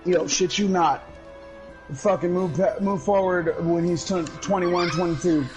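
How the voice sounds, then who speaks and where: High-pitched dude streaming a game and telling a rowdy story, swears a lot, laughs loud, faint game music behind. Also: male voice, measured pace, poor audio. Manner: loud, profane and animated, breaking into high laughs. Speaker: gaming streamer. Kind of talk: casual storytelling over gameplay.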